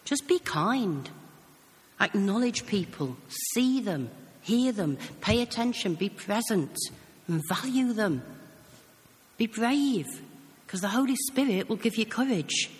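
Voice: medium pitch, lively intonation, takes it slowly. A preacher with a British accent giving an earnest sermon, telling stories in a conversational way. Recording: long hall reverb.

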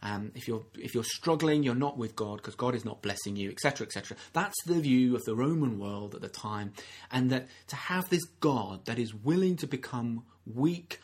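A man's voice: mid-range voice, lively intonation, moderate pace, husky. A man preaching a sermon in an earnest, conversational way, often restarting his sentences and acting out the people he quotes. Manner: earnest, acts out quoted speakers, frequent restarts.

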